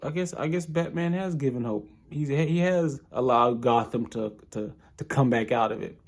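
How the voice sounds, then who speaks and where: A man voicing a small-time male street hustler who poses as a kid and speaks with earnest, drawn-out musing. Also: mid-range voice, close to an everyday voice.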